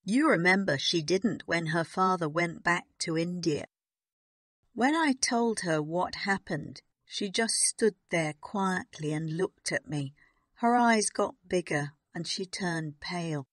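A woman voicing a puzzled, chatty schoolmistress recounting events, in a slow storybook reading. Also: on the low side, a bit bright, no room sound, clean studio sound. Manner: wondering, chatty.

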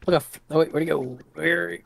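A man's voice: on the high side, steady tone, vocal fry, fairly bright tone, no echo. A man co-hosting a casual gaming let's play, wisecracking and chatty. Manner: wisecracking, quick commentary.

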